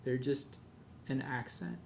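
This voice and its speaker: Relaxed, chatty male painting instructor. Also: mid-range voice, slow pace, vocal fry, a little hiss or hum. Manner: relaxed, chatty, step-by-step explaining. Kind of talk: live tutorial demonstration.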